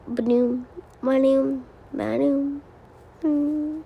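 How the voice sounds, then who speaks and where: A woman giving excitable gameplay commentary as a YouTuber, often exclaiming. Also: high voice, unhurried, pauses often. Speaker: gaming YouTuber.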